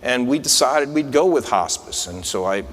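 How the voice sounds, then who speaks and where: A man's voice: medium pitch, expressive, moderate pace. A man, an incoming society president, giving a conversational, anecdotal conference speech from a podium mic in a large convention hall. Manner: conversational, anecdotal, with frequent restarts. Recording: long hall reverb.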